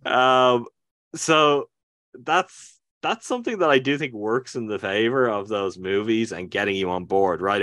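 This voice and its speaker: A man's voice: fairly low pitch, a bit bright, dry recording, clean studio sound. A man co-hosting a casual talk show, rambling with many fillers and restarts as he thinks aloud. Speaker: podcast co-host. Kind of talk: casual discussion.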